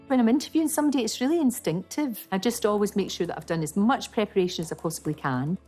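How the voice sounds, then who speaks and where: A middle-aged woman with a working-class Glasgow Scottish accent chats through memories of her career as a TV presenter in a documentary interview. Her mid-range voice has a dark tone and a quick pace, with soft music in the background.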